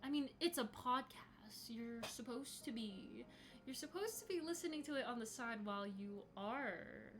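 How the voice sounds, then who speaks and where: A woman's voice: a little high, lively intonation, normal speed, a bit bright, a little hiss or hum. A young woman in her twenties hosting a casual livestream from home, chatty and swearing freely as she greets chatters by name. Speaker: podcast host live-streaming to chat.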